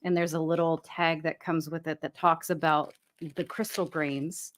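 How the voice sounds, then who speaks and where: A woman co-hosting a spiritual talk show, her voice set a little low. She speaks softly and chats casually with the host. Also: flat delivery, normal speed. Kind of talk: casual chat.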